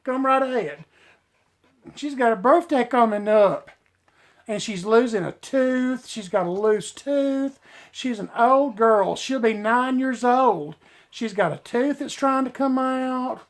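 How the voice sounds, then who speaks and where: A middle-aged man who works as a hairstylist, chatting casually and folksily with viewers on a live stream and calling them y'all. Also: slow pace. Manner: breaks off to coax his dog in a high sing-song. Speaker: hairstylist hosting a live show.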